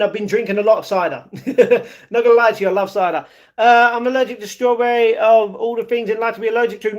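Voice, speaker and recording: A man chatting casually on a live stream, greeting viewers by name and reading their messages in an upbeat way. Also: sits high.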